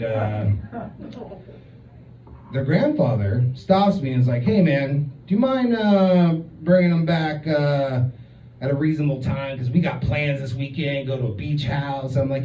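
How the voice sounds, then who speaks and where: On a comedy club stage, a stand-up comedian in his thirties tells a profane, chatty story packed with filler words. His mid-range voice moves a little slowly, and the roomy, distant recording is muffled with a slight hiss or hum.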